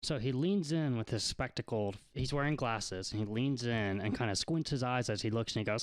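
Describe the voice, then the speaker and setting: A man's voice: medium pitch, fairly quick, few pauses, dry recording. A man running a tabletop game as game master, narrating with playful amusement.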